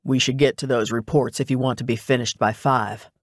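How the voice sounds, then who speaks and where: A man's voice: medium pitch, steady tone, a little fast, dry recording, natural voice. A man voicing a dry, teasing male private investigator in a cozy mystery audiobook. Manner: matter-of-fact, teasing. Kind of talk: audiobook dialogue.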